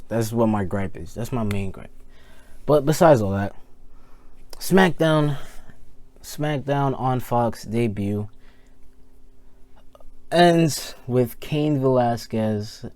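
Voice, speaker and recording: A young man ranting casually about a wrestling show, rambling and animated, full of fillers and repeated words. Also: medium pitch, slow, pauses often, no room sound. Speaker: wrestling review vlogger. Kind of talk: casual rant to camera.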